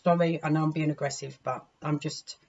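A woman's voice: low-pitched, steady tone, fairly quick, slightly rough. Frank, swearing woman tarot reader. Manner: frank, indignant, swears freely; emphatic, with sudden loud outbursts. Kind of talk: weekly tarot reading to viewers. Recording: dull lo-fi recording with faint hiss.

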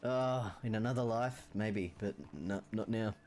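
A man's voice: lowish voice, a little slow, darkish tone. A man chatting casually out of character while streaming a game, rambling and laughing often.

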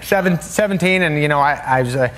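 A man's voice: on the high side, fast talker, fairly bright tone. A man telling a comic anecdote as a talk show guest. He rambles, stammers and restarts, and laughs through his own story. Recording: played-back talk show clip with studio audience.

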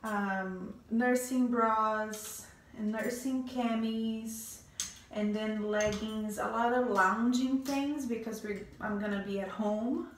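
A woman's voice: fairly high pitch, steady tone, slow pace, echoey room, far from the mic, slight background noise. A heavily pregnant woman, a fashion stylist, giving a rambling casual tour of her closet, a bit out of breath, with many ums and restarts.

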